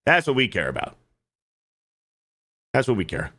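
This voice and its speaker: A man's voice: fairly low pitch, very animated, slow pace, long pauses, sharp tone. A man hosting a livestream, reacting to clips in casual, profane commentary and often repeating himself. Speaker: livestream host.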